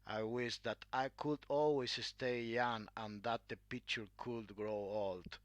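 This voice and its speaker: A man's voice: mid-range voice, steady tone, takes it slowly, no echo, natural voice. A man voicing a vain, anguished young man who pleads anxiously in a read-aloud story. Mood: pleading.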